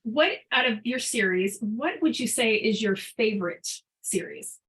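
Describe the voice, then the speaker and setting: A woman's voice: fairly high pitch, animated, measured pace, fairly bright tone, low-quality recording. A woman hosting an interview over a video call, upbeat and chatty as she asks her guest questions. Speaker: host. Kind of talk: casual interview chat.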